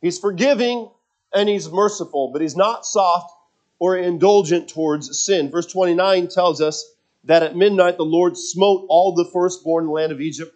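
A man's voice: a little high, a little mellow. A man preaching a sermon, earnest and emphatic, often repeating words as he restarts his thoughts.

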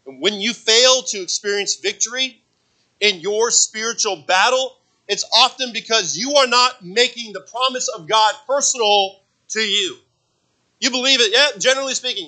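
A man preaching a sermon as pastor, repeating phrases for emphasis and swinging between loud emphatic peaks and hushed low passages. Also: normal speed. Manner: repeats phrases for emphasis, asks the congregation for amens.

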